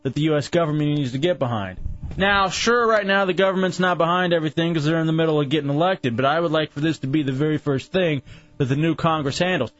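Opinionated male radio host, slightly high. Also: quick pace, a bit bright, highs cut off, soft background music. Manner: opinionated, argumentative. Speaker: radio talk show host. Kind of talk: casual radio chat.

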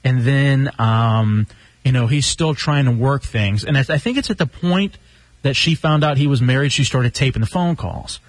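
A man's voice: mid-range voice, moderate pace, no room sound. A man hosting a radio show, chatting casually, joking and reading quotes aloud. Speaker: radio host.

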